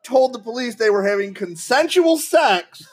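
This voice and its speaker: Guy with a high husky voice, chatty podcast host reading weird news, laughs a lot. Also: normal speed. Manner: animated storyteller, laughs often, acts out quotes. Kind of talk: casual chat, reading odd news stories.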